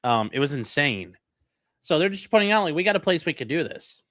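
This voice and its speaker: A man's voice: on the high side, big pitch swings, brisk, a bit bright, no room sound, studio quality. A man hosting a casual, profane commentary on a hearing, mocking the lawyers and mimicking them. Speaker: host commenting on a livestreamed hearing.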